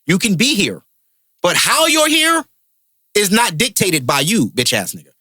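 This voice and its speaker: A man's voice: sits high, very animated, a little slow, pushed and bright, no echo, studio quality. A man hosting a podcast, a comedian ranting in heated, profane casual chat.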